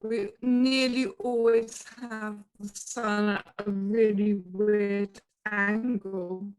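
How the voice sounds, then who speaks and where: A woman's voice: medium pitch, level tone, extremely slow, a little mellow, clear, resonant tone, no room sound, soft background music. A middle-aged woman with a Portsmouth accent giving a chatty, self-deprecating conference talk full of ums. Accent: Portsmouth English. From south of England. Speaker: conference speaker.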